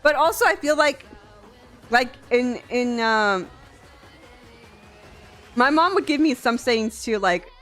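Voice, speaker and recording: A young woman streamer chatting casually on a live stream, animated and quick to laugh, swearing freely. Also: on the high side. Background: faint music.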